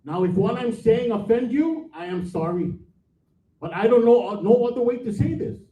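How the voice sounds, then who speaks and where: A man's voice: extremely high pitch, lively intonation, normal speed, warm tone. A man, a division manager speaking bluntly and with frustration during public comment at a board meeting. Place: meeting hall. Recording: echoey room, far from mic, tinny.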